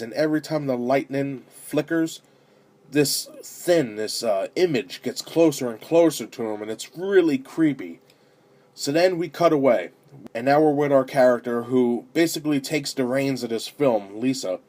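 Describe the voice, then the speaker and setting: A man giving a casual spoken film review, animated as he retells the story, with fillers and restarts. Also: medium pitch. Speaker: amateur movie reviewer.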